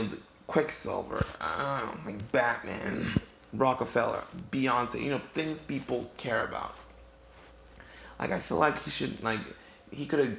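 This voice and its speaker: A tired, yawning man improvises a comic monologue in a very gravelly, mid-range voice, rambling and halting with fillers, restarts and circling back. The recording echoes around a bare room with faint hiss underneath.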